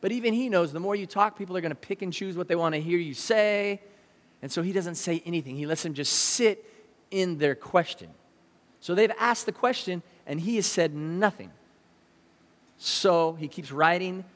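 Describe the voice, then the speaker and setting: High-voiced preacher in an echoing hall. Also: male voice, normal speed. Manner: conversational, animated, asks the audience questions. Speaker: pastor. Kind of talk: sermon. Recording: long reverb of a large hall.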